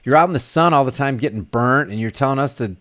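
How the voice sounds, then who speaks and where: A man's voice: medium pitch, fast talker, a bit bright. A man vlogging casually, reading viewer comments aloud and rambling with frequent restarts and repeated words. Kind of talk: casual live chat.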